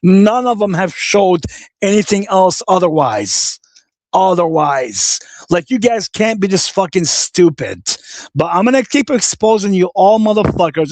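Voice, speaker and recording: A man's voice: on the high side, darkish tone, no echo. Profane, combative man ranting on a livestream. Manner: profane and combative, repeats insults; reads viewer comments aloud. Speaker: livestream host. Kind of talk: angry livestream rant.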